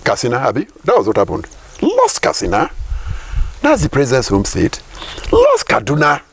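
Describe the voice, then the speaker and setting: A man's voice: mid-range voice, wildly swooping pitch, normal speed. A Nigerian man, a professor, giving emphatic political commentary in an interview, repeating points and asking rhetorical questions.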